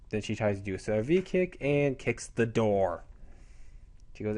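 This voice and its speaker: A man recaps a comic chapter in a rambling, chatty review. His tone is mellow and his pitch moves in a lively way. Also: unhurried.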